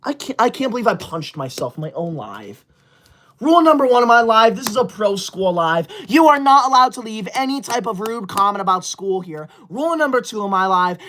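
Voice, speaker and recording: A man in his twenties playing a touchy, self-important young livestreamer who reads super chats in an indignant, whiny way and shouts at viewers. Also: high voice, slight background noise. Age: 20s. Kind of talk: parody livestream skit.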